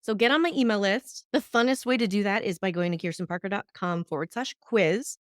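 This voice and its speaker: A woman hosting a solo coaching podcast, energetic and upbeat, asking many rhetorical questions. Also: mid-range voice, fairly quick, no room sound, clean studio sound. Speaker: podcast host and decision coach. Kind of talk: solo motivational podcast monologue.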